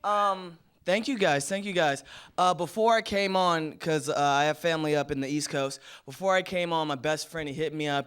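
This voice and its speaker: A man's voice: a little high, moderate pace, a bit bright, smooth. A young man doing a stand-up set on a live studio stage, chatty and casual, slipping into slangy impressions of his friends. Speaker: stand-up comedian.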